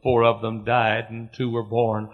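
A middle-aged man preaching a sermon as pastor, moving between quiet storytelling and loud fervent cries. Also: medium pitch, completely flat delivery, a little slow. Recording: dull lo-fi sermon recording.

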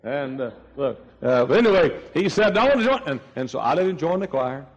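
An older man preaching a sermon, telling stories with emphatic swings between loud and hushed delivery. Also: mid-range voice, expressive, fairly quick, dull audio. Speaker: pastor.

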